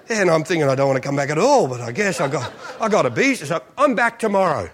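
A man's voice: high voice, a little fast. A man, a visiting preacher telling funny stories in a sermon. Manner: animated, jokey storytelling. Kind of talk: storytelling sermon. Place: church.

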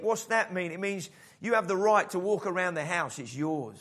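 A man preaching a sermon in an animated style, acting out the voices in the story. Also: sits high, fairly quick, few pauses. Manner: animated preaching, acts out the father's voice. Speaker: pastor.

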